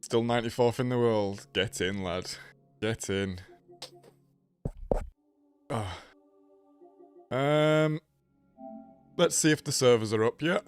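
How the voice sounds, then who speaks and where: A man's voice: medium pitch, slow pace, pauses often, clear, resonant tone, soft background music. A man hosting a casual live stream, nasal and congested from a cold, greeting viewers by name.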